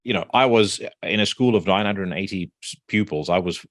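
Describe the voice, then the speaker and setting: A man hosting a podcast, telling stories casually in an animated way, with swearing and frequent restarts. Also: low-pitched, a little fast, dry recording, clean studio sound. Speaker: podcast host.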